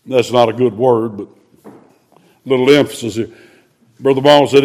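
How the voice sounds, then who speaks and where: A man preaching, reading scripture aloud and explaining it, rising to loud exclamations. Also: medium pitch, fairly even intonation, moderate pace, long pauses. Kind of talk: expository sermon.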